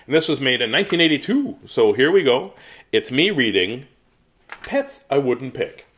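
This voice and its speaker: A man's voice: mid-range voice, sing-song, normal speed, fairly bright tone. A man reading children's picture books aloud in a playful, jokey way, with asides to viewers. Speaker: children's book reader.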